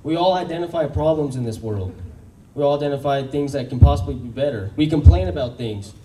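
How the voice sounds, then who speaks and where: A man giving a hyped, rallying stage pitch and quizzing the crowd. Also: brisk, distant mic, noisy background. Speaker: pitch presenter. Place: large event room in Austin.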